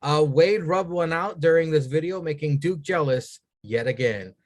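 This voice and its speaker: A man with a slightly higher voice hosts a loose wrestling podcast. He talks through the matches with crude jokes and throws questions to his co-hosts. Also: normal speed. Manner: crude, joking, leads the rundown. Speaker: podcast host. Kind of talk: casual wrestling talk.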